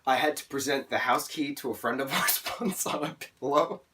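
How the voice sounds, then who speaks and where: A man talks through a TV season in a loose, casual vlog, at an average pitch for a man. He wanders off on tangents, leans on filler words and speaks with open, heartfelt emotion. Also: normal speed, sharp tone. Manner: rambling, heartfelt and openly emotional. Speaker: TV show reviewer.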